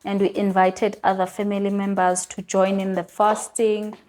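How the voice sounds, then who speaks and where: Her voice sits at medium pitch, slightly mellow, with little pitch movement and a normal pace. As a vlogger giving her faith testimony, she comes across as casual, earnest and emotional, frequently repeating herself as she speaks.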